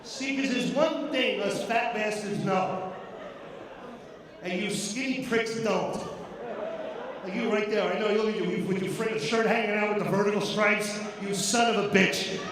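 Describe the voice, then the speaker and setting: A very high-voiced man working a stand-up set in a profane, mock-outraged rant. He sounds far from the mic in a big, echoey theater hall with a long reverb tail, and audience noise is clearly heard. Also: steady tone, a little slow. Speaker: stand-up comedian. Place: large theater stage.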